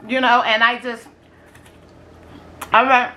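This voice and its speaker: A middle-aged woman tells dating stories in a loose, casual vlog while working through a food challenge. Her voice sits high and sounds bright and forceful, full of slang and exclamations as she quotes herself. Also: flat delivery, measured pace. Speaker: vlogger.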